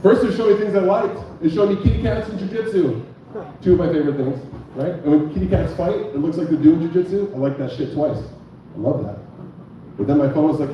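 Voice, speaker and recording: A man's voice: fairly high pitch, lively intonation, fast talker, heavy reverb, recorded from a distance, muffled recording, slight background noise. Young man hosting a bar comedy night. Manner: loose, joking, chatty with the crowd. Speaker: comedy show host and stand-up comic. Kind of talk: stand-up comedy.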